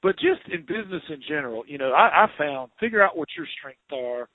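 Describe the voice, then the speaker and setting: A Southern man hosts a casual podcast chat and laughs often. His voice sits fairly high. The sound is dry and narrow, like a phone call. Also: lively intonation, fairly quick, dry recording. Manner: chatty, laughs often, many restarts. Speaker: podcast host, home inspector.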